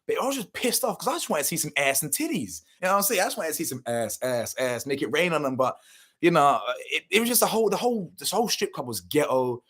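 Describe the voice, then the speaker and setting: A man's voice: on the high side, expressive, quick pace, fairly bright tone, slightly rough. A young man, telling a story casually and animatedly, full of slang and swearing, acting out what people said. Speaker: channel host.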